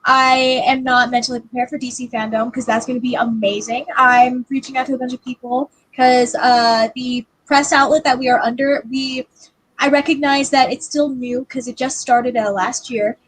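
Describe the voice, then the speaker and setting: High-voiced animated woman co-hosting. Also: moderate pace, slightly rough. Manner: animated storyteller, acts out quotes. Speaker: livestream co-host. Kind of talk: casual livestream chat.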